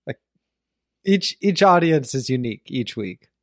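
A man's voice: medium pitch, very animated, a little slow, no room sound, studio quality. A man co-hosting a casual food podcast, playful and wry, teasing his co-host.

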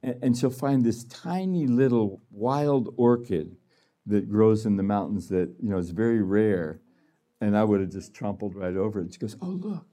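Man, sermon, conversational, laughs a lot, lowish pitch, mellow tone. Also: moderate pace. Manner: chatty, laughs often, acts out voices. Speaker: healing room director speaking.

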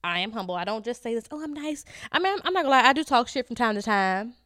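Casting: young woman, podcast co-host, candid casual chat, smooth crisp voice, dry close sound. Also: fairly high pitch, animated, quick pace, a bit bright, no echo. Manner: candid, laughs often, trails off with fillers.

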